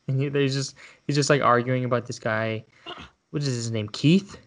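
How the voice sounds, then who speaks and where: Halting young man recapping a film. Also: medium pitch, steady tone, fairly bright tone. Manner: halting, hesitant retelling with frequent laughs. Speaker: podcast co-host. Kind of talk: casual chat.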